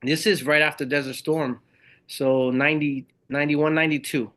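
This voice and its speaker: A middle-aged man, a Marine veteran and speaker, telling his stories in an animated, conversational way as a podcast guest. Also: a little high, moderate pace. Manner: animated storyteller who acts out the voices of others. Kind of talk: conversational interview storytelling.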